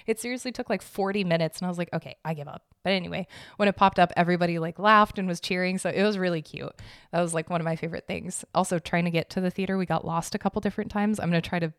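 A woman's voice: fairly low pitch, steady tone, rapid-fire, clear, resonant tone, dry recording, studio quality. A young woman hosting her own podcast, rambling in a casual, giggly, self-deprecating way and swearing now and then. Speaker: podcast host.

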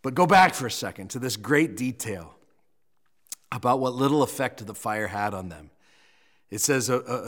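A male pastor preaching a sermon, animated and joking as he retells a scripture story, with frequent restarts. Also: mid-range voice, normal speed, long pauses.

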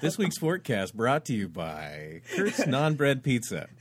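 Animated, joking male podcast co-host. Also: mid-range voice, unhurried. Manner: playful, theatrical announcer delivery. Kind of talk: casual podcast banter.

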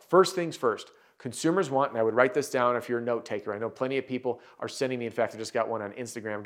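Brief: male sales trainer, mid-pitched, energetic and emphatic, talking straight to camera. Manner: energetic, emphatic, coaching the viewer directly. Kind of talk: instructional coaching talk to camera.

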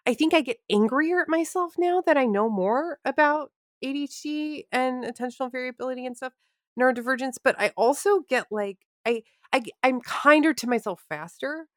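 Woman cohost on a chill podcast, higher voice, really expressive, keeps restarting her sentences, dry close sound. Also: brisk, no echo. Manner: reflective, talks in restarts and asides with warm laughter. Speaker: podcast co-host. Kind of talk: casual podcast chat.

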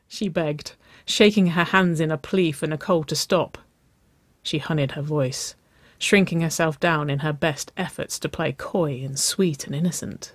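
A woman narrating a story aloud at a slow, steady pace. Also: deep voice, no echo.

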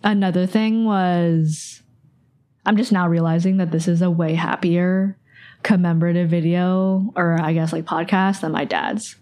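Young woman, slightly low voice, casual rambling podcast talk, lots of filler words. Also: steady tone, a little slow, darkish tone. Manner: casual, rambling, heavy use of "like". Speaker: podcast host. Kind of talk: personal recollection podcast.

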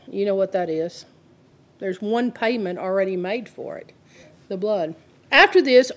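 A woman, telling a story in an earnest, conversational sermon. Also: mid-range voice. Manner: earnest, retells the story with quoted dialogue. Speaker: Christian teacher.

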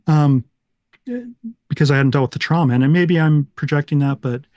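A man's voice: a little high, normal speed, darkish tone, dry recording. Man telling his story, rambling and self-deprecating. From Utah, USA. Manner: rambling, self-deprecating, fond of 1980s references. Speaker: podcast guest telling his life story. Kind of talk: casual storytelling.

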